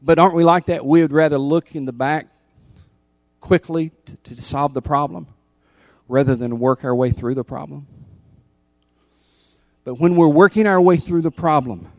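A man preaching a sermon as pastor, emphatic, repeating key lines and swinging from loud appeals to hushed intensity. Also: on the high side, moderate pace, pauses often, no room sound.

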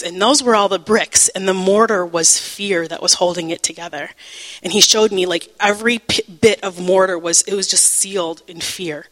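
A woman teaching the Bible through a personal testimony, emotional and halting, with many fillers and restarts, and breaking into laughter at times. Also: medium pitch, fairly even intonation, fairly bright tone, long reverb tail, poor audio.

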